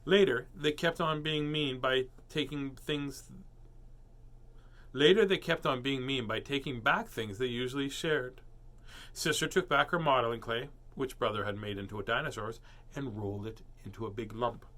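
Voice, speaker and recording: A man's voice: mid-range voice, moderate pace, a bit bright. A man reading a children's storybook aloud, doing playful character voices and joking asides. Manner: playful, jokey asides and puns. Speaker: storybook reader.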